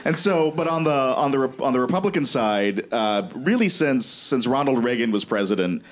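A man's voice: medium pitch, animated, normal speed. A man, a teacher explaining politics in a casual radio talk, rambling and correcting himself. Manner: rambling, self-correcting, laughs often. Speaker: political science teacher, guest.

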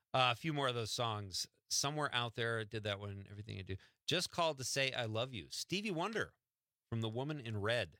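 A man's voice: medium pitch, bright, forceful tone, no echo. A man hosting a radio show from the studio, chatting casually and teasing his co-host. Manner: joking, teasing.

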